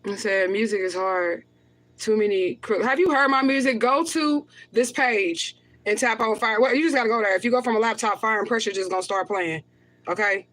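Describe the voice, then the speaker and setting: Speaking at a normal speed in a mid-range, fairly bright voice, a woman addresses her livestream audience emotionally. Her talk is rambling and profane; she reads out comments, goes over the same points again, and bursts into anger.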